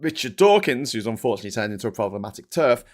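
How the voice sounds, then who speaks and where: A man's voice: medium pitch, big pitch swings, racing. A middle-aged man with an English accent hosting a casual live-stream, chatty and restless, laughing often as he mocks trolls and critics. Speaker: host.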